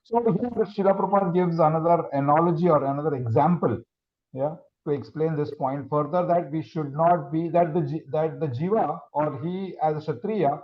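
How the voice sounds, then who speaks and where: A man teaching a scripture class, explaining verses in a halting, conversational way with many fillers. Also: on the high side, lo-fi sound.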